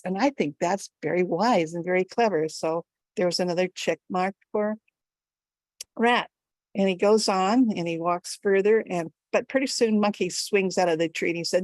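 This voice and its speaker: A woman's voice: lowish voice, moderate pace, dry recording. A woman storyteller telling a folktale live at an online gathering, jumping her voice up for the animal characters. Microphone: video call.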